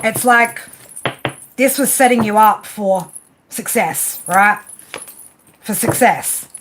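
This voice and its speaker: Speaking slowly in a medium, fairly bright voice, a woman gives a live tarot reading; the audio is poor, with slight background noise. She's plainspoken and relaxed, circling back over her points and adding "right?" to them. Affection and swearing mix freely in how she talks.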